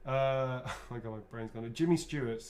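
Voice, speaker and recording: While answering fans and signing autographs, this male voice actor talks in a chatty, meandering way, often starting his sentences over. He speaks at a moderate pace with a medium pitch, and there's a little background noise.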